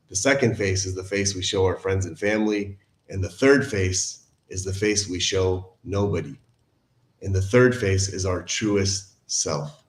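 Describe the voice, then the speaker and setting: A man giving a casual online talk for a recovery group, earnest and informal, calling his listeners "guys" and "man". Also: on the low side. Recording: echoey room.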